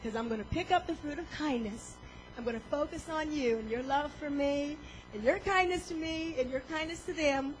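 A woman preaching a sermon, animated, acting out inner voices and swinging between loud and soft. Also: high voice, slight background noise, low-quality recording.

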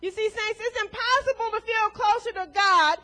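A woman's voice: extremely high pitch, normal speed, bright, forceful tone. A woman preaching a sermon to a congregation in a church, emphatic and full of rhetorical questions, chuckling between points.

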